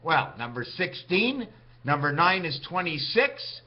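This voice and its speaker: Male vlogger, rambling monologue that hops between topics, higher-pitched voice. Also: very animated, measured pace, highs cut off.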